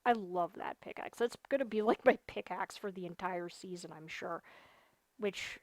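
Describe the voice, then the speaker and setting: A woman's voice: lowish voice, moderate pace, no room sound. A young adult woman, a gaming livestreamer, talking casually while she plays, venting and repeating her points with emphasis. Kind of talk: casual chat while streaming a game.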